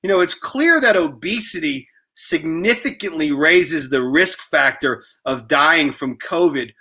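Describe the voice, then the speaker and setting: A man's voice: on the high side, animated, a little slow, bright, forceful tone, slightly rough. A man hosting an interview in a chatty, storytelling way, often repeating his words. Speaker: interview host. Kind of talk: casual interview chat.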